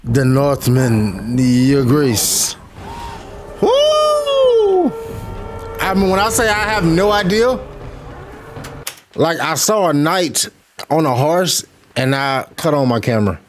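A young man hosting a casual video reaction, excitable and joking with frequent exclamations. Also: fairly high pitch, measured pace, background noise. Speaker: host. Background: trailer music playing.

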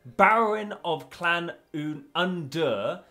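A man hosts a loose, joking discussion, his voice bright and clear and sitting a little high for a man. He talks in a chatty way and fills his pauses with plenty of uhs. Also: expressive. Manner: chatty, many uh fillers, joking. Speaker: host. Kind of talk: casual recorded discussion.

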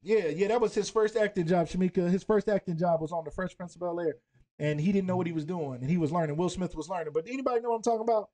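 A man hosting a live virtual game night in a lively, chatty way, reading out questions and giving shout-outs to viewers. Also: high voice, quick pace.

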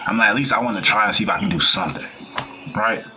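A man's voice: fairly low pitch, fast, noisy background. A man hosting a reaction video, talking in a laid-back, slangy way and preaching about life and good vibes. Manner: acts out quoted people in changed voices. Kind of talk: casual reaction commentary.

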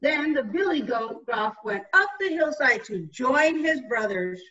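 A woman narrating a children's storybook, reading slowly and expressively. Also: high-pitched, lively intonation, sharp tone, distant mic, muffled recording. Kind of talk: storybook read-aloud.

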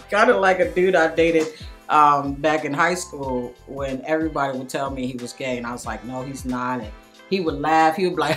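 A woman with a very low, deep voice gives comedic commentary to camera. She tells her stories with animation, acting out each quote and breaking into laughter. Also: normal speed, faint music behind. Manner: animated storytelling, acts out quotes, laughs often. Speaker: cast member.

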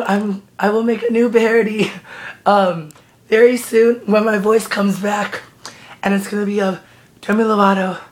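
A man giving a casual vlog update with a hoarse voice that is still recovering. He sounds out of breath, and he rambles and giggles, often restarting his sentences. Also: sits high. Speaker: vlogger.

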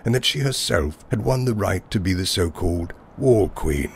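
A man's voice: deep voice, lively intonation, moderate pace, gravelly, a little hiss or hum. A man narrating a whimsical first-person story in a wry, wordy style.

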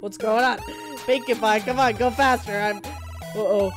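A woman hosting a let's play of a horror game, excitable and often screaming and gasping in fright. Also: on the high side, normal speed, over music. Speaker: gaming video host.

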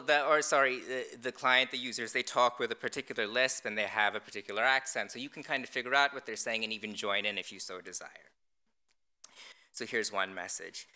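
A man presenting his design work in a public lecture, speaking in a deadpan, wry way with frequent ums and restarts. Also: mid-range voice.

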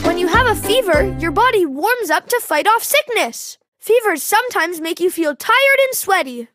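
A woman narrating a children's educational program in a clear, teacherly way. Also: very high voice, sing-song, normal speed, a bit bright. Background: faint music.

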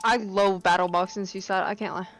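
Excitable slangy gamer woman. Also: medium pitch, brisk. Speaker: teammate. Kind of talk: casual gaming chat with friends.

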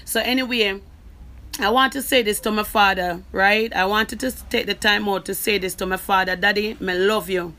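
A Jamaican woman talking straight to camera, emphatic and forceful, who keeps asking "you understand me?". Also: mid-range voice, fairly even intonation, moderate pace. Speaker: social media creator. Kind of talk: direct-to-camera personal talk.

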